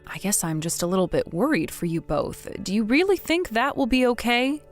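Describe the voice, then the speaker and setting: A woman playing a blunt, widowed older mother who scolds her grown son in a measured, firm way, in a scripted text-message drama. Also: on the high side, big pitch swings, faint music behind. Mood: stern.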